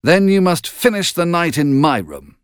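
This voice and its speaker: A man's voice: on the high side, sing-song, moderate pace, smooth, dry recording, clean studio sound, voice pushed up. A man voicing a tormented, volatile master of the house in a storybook reading, in a strained raised voice. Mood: harsh.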